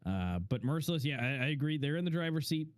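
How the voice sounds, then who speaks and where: A man's voice: on the high side, sing-song, quick pace, no echo, clean studio sound. Man giving meandering esports color commentary. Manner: meandering, heavy on fillers. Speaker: esports co-caster.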